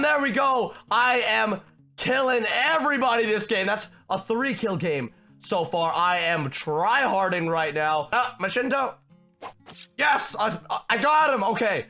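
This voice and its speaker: A young man giving excitable, shouty commentary while playing a video game. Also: high voice, vocal fry. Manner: shouty, reactive, frequent outbursts. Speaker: gaming video host.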